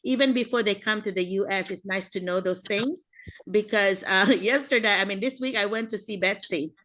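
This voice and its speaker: A woman's voice: mid-range voice, normal speed, fairly bright tone. Older American woman host, retired educator, chatty advising tone, medium voice, video call. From United States. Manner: conversational, advising, with restarts. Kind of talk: casual video call chat.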